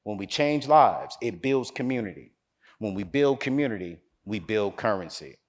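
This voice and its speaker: A man's voice: fairly low pitch, lively intonation, moderate pace. A man from North Carolina giving a motivational speech, telling a story with preacher-like crescendos. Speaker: keynote speaker.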